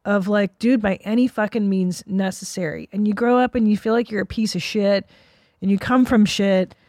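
A woman's voice: mid-range voice, fairly even intonation, normal speed, warm tone, no echo. A woman hosting a podcast, chatting candidly and swearing freely. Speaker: podcast host. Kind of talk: casual podcast chat.

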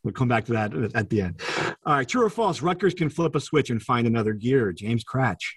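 A man's voice: medium pitch, lively intonation, brisk, slightly rough, dry recording, recorded from a distance. A man hosting a casual sports podcast, quizzing his co-hosts and laughing often. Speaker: podcast host.

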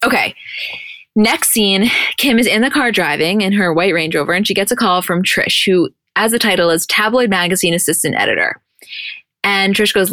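A woman's voice: mid-range voice, normal speed, no echo, studio quality. A woman co-hosting a podcast, recapping a reality show in casual chat and acting out the quotes. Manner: animated, acts out quotes from the show. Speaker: podcast co-host.

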